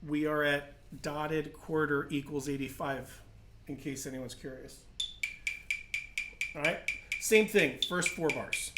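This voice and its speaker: A man's voice: on the high side, slow, pauses often, echoey room, heavy background noise. A man teaching a livestream drum lesson, patiently explaining technique and counting in. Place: percussion studio.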